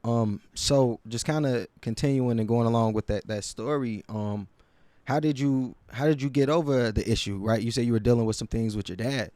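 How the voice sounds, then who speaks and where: A man hosting a podcast, asking a follow-up question in a relaxed, easygoing way with restarts. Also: medium pitch, normal speed, dry recording. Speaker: podcast host. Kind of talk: casual interview chat.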